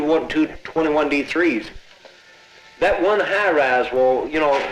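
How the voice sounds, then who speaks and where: Matter-of-fact man interviewee, somewhat high voice; roomy echo. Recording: echoey room on old film.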